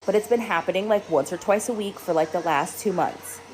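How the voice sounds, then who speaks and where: A woman's voice: on the low side, brisk, a little hiss or hum, low-quality recording. Exasperated mother telling a story. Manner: animated, exasperated retelling. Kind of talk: storytime video.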